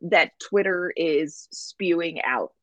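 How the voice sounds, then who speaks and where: A woman in her forties co-hosting a sports podcast in casual chat, chatty and emphatic, slowing down to stress her points. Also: on the low side, dry recording, poor audio. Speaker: podcast co-host.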